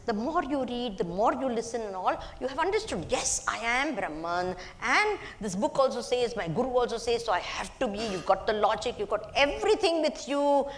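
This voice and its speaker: A woman, giving a spiritual discourse as a Vedanta teacher to a live audience. She poses questions and answers them herself, and repeats words for emphasis. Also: high voice.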